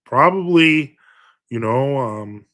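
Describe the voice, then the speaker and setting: A young man in the role of a priest runs a casual livestream and reads viewer comments aloud. He rambles with lots of "uh" and "you know". His humor is dry and self-mocking. His pitch sits in a middle range for a man. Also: expressive, slow, fairly bright tone. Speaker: Orthodox priest hosting a livestream.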